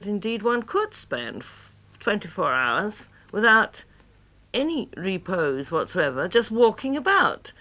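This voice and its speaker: Woman remembering a friend, slow and melodic, savouring each phrase. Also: mid-range voice, very animated, pushed and bright. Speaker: friend recalling a colleague. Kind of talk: spoken reminiscence.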